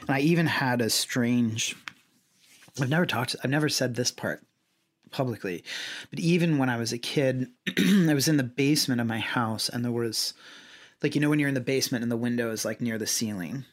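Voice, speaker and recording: A man in an ordinary middle register tells a story in a relaxed podcast conversation. He stops and restarts often and drifts into asides. The delivery stays casual and unpolished. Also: mid-range voice. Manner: halting, with frequent restarts and trailing asides.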